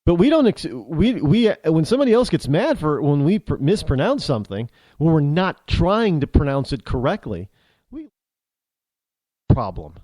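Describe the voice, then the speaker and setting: A man's voice: on the high side, sing-song, moderate pace, mellow, no room sound. A man with an American accent hosting a talk radio show, rambling through an opinionated monologue with frequent restarts and asides. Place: New England.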